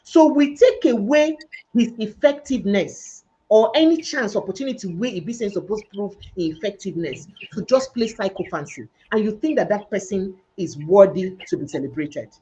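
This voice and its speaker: A woman's voice: medium pitch, animated, moderate pace, mellow, low-quality recording. A Nigerian woman hosting a debate-style discussion who slips into Pidgin and presses her points hard. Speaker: show host.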